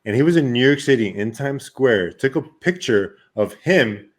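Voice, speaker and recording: A man's voice: mid-range voice, animated, normal speed. A man hosting a casual podcast chat, loose and playful, swearing freely. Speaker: podcast host.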